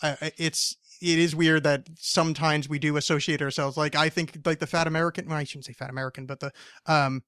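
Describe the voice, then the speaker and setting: Fast-talking man in casual chat. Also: on the high side, little pitch movement, fairly bright tone, smooth, no room sound, clean studio sound. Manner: rambling, restarts, swears casually. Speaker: podcast host.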